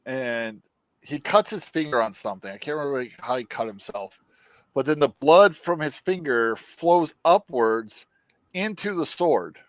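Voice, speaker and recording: A man's voice: mid-range voice, measured pace, no room sound. A man casually recapping a show for a podcast, swearing freely and acting out the characters' lines as he tells it. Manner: animated storytelling, acts out quotes. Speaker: podcast co-host.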